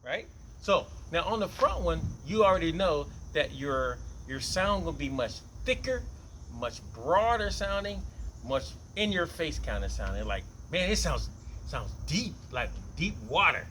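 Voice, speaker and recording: A man teaching bass guitar, talking loosely and repeating phrases as he demonstrates tones, with bass notes played between his lines. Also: sing-song, measured pace, a bit bright, a little hiss or hum, rough recording. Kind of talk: casual instrument demonstration. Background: bass guitar playing between lines.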